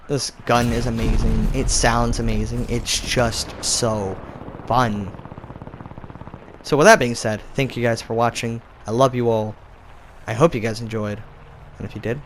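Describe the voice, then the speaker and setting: A young man giving casual gameplay commentary, telling the match as an excitable story with sudden jumps in pitch. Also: a little hiss or hum. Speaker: gaming YouTuber.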